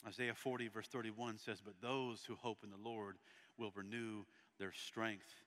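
A man preaching a sermon in a church, reading scripture aloud and breaking off to speak to the congregation, with a delivery that swings between loud and soft. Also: on the low side, fairly even intonation, measured pace, in a large hall. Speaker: pastor.

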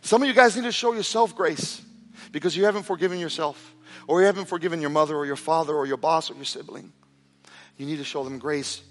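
A man preaching a sermon as pastor, telling a story with animated delivery that drops to a hushed, intense tone. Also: on the high side, quick pace, slight background noise. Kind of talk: sermon with storytelling and altar call. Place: church sanctuary. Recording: reverberant hall with soft music behind.

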